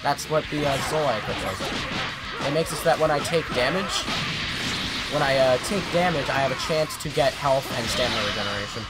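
A man's voice: mid-range voice, a little fast. A young man casually commentating a video game playthrough, swearing and joking about the game. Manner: animated, swears and laughs at the game. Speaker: gameplay commentator. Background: game music.

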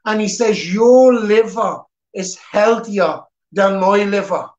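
A man's voice: sits high, takes it slowly, a little mellow, dull audio. A man with a Dublin Irish accent telling his personal testimony at church in an earnest, plain-spoken way. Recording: echoey church hall.

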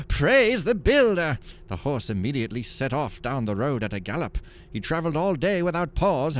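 A man's voice: mid-range voice, a little hiss or hum. Casual man reading game texts aloud. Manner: casual, jokey, reads stories in a dramatic storytelling voice. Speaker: gaming channel host.

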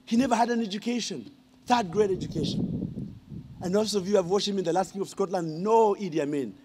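A man's voice: high-pitched, fast talker, background noise. A man, giving a humorous ceremonial speech and teasing the audience with questions. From Uganda. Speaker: honorary degree recipient giving a speech.

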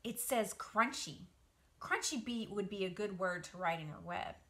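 A woman's voice: mid-range voice, moderate pace, bright, forceful tone. A woman voicing a grumbling, indignant male barn rat in a children's story reading. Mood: eager.

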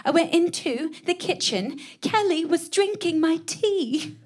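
Woman doing a posh British girl, high voice, prim, drawn-out vowels, stand-up bit. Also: lively intonation. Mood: complaining.

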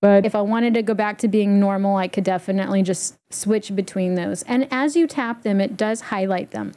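A woman walking through a software setup in a casual, chatty tutorial, explaining step by step with easy fillers. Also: medium pitch, normal speed. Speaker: streamer giving a setup tutorial. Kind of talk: casual screen-recorded tutorial.

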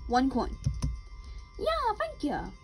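A woman's voice: high-pitched, wildly swooping pitch, takes it slowly, gravelly, a little mellow, faint music behind, low-quality recording. A young woman giving casual commentary as she plays a game, reading out the characters' lines and answering them. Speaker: gamer.

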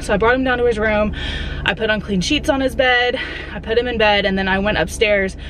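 Chatty vlogging mom over background noise. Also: female voice, medium pitch, brisk. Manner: chatty, animated storytelling, addresses viewers directly. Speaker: vlogger mother. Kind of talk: casual vlog talk to camera. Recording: noisy background.

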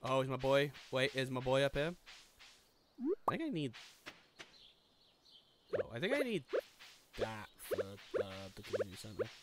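A man's voice: medium pitch, very animated, normal speed, pauses often, noisy background. A man hosting a let's-play, chatting casually and joking at himself as he plays. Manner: casual, self-mocking chatter. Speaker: gaming channel host. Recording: game music behind the voice.

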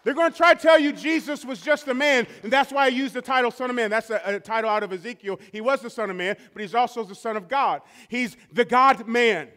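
A man preaching a sermon as pastor, rising to drawn-out shouted repetitions and dropping to slow, quiet stretches. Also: extremely high pitch.

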